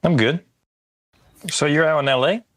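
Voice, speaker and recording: A man's voice: on the high side, moderate pace, fairly bright tone, no echo. A man hosting a podcast interview, asking curious, brief questions in a casual tone. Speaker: podcast host.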